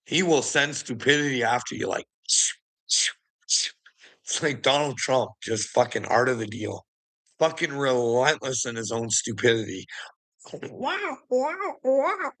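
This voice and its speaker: A man's voice: mid-range voice, unhurried, a bit bright. A man ranting casually, profane and mocking, laughing often between lines. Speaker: online commentator. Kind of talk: casual rant.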